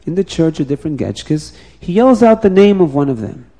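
A man telling a folk tale aloud, animated and repeating phrases, now and then restarting words. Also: a little high, fairly quick. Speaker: storyteller.

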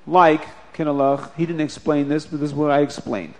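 Animated high-voiced male storyteller. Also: brisk, hardly any pauses. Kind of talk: telling a religious story to children.

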